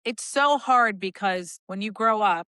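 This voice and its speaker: A woman co-hosting a podcast, telling lively stories in casual chat and acting out the people in them. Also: medium pitch, unhurried, clear, resonant tone, no echo. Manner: animated storytelling with quoted voices. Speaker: podcast co-host.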